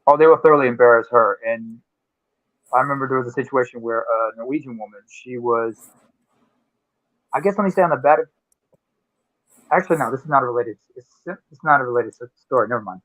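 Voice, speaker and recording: A man's voice: mid-range voice, a little fast, long pauses, fairly bright tone, no room sound. A man in offhand casual chat, talking loosely. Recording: tinny phone-like call line.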